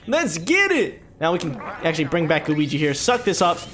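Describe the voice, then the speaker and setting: Excitable high-voiced gaming commentator man. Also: normal speed. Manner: excitable, playful hype talk. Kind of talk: let's play commentary.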